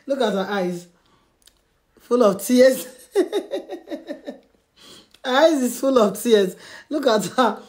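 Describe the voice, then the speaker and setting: A woman with a high voice talks slowly and warmly to her viewers in a casual home vlog, laughing often between sentences. She is recorded indoors in an echoey room. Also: expressive. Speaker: vlogger.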